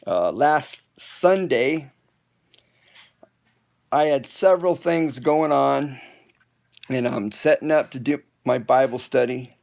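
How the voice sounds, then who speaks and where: A man talks slowly with a gravelly edge, chatting into his phone on a live stream from an indoor room. He rambles and stops to restart his sentences often. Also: medium pitch, animated, darkish tone. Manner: halting, rambling, many restarts. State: hiccups. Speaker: home improvement vlogger. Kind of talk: casual live stream chat.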